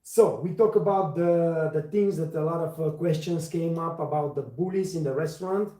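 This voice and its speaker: A man who hosts livestreams and trains waiters talks casually and emphatically, repeating words for stress, with non-native phrasing. His voice is on the high side with a dark tone at normal speed, in an echoey room.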